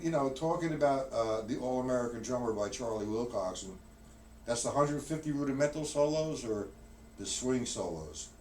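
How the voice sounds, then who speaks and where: A drum teacher with a medium-pitched voice gives a live-streamed lesson in a practice room with a drum kit, rambling, correcting himself, and counting beats aloud as he demonstrates. He sits far from the microphone, and the room is noisy.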